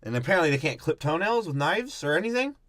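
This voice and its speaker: Young male podcast co-host, crude jokey recap, bright forceful tone, dry close sound. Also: on the high side, very animated, quick pace, no room sound. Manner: profane, jokey, slips into silly character voices. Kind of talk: casual crude movie recap.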